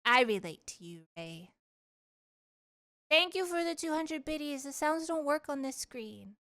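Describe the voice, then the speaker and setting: A woman's voice: high voice, lively intonation, unhurried, pushed and bright. A young woman streamer chatting casually with her live chat, playful and giggly, trying out words with a mock French accent.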